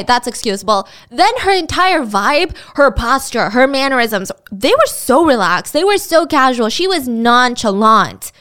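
A woman's voice: on the high side, fairly bright tone. A woman telling a true crime story in a casual, chatty way, with sarcastic and incredulous asides.

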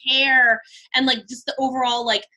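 A woman's voice: high-pitched, level tone, normal speed, a loud crowd. A woman in her thirties, a podcast guest chatting casually and filling her talk with "like" and "you know". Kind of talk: casual interview chat.

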